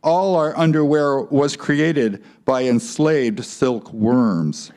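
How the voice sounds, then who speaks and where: A man voicing a smug, earnest young man doll with a put-on masculine voice in a comic puppet show. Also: a little mellow. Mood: lecturing. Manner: deliberately masculine, lowered voice.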